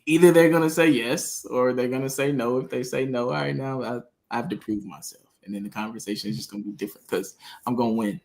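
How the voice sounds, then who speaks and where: A man's voice: mid-range voice, quick pace, creaky, few pauses, darkish tone. Laid-back male podcast guest. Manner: laid-back, reflective, laughs easily. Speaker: guest, media company co-founder. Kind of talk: casual podcast conversation.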